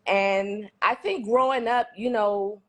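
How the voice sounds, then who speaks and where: Relaxed woman from the Bay Area. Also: medium pitch, takes it slowly. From San Francisco Bay Area. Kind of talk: casual street interview.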